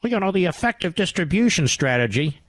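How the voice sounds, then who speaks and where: A middle-aged man hosting a talk radio show, ranting with sarcasm and swinging between loud outbursts and low mutters. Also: sing-song, fast talker, no room sound. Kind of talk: angry talk radio monologue.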